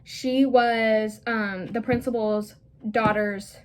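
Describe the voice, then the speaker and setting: A woman's voice: on the high side, fairly even intonation, slow. Young woman, casual storytime, rambling, filler-heavy, blunt, profane. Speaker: vlogger.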